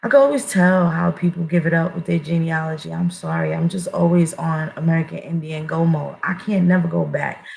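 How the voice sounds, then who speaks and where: A woman's voice: low-pitched, steady tone, fairly quick, creaky, few pauses, darkish tone, low-quality recording. A woman giving a blunt, profane casual monologue as an online commentator, emphatic and full of restarts.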